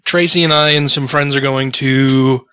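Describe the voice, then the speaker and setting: A man's voice: mid-range voice, fairly even intonation, normal speed, pushed and bright, smooth, no echo. A man co-hosting a podcast in casual chat, joking and swearing, his voice slightly strained. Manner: loose, profane, chuckling. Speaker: podcast co-host.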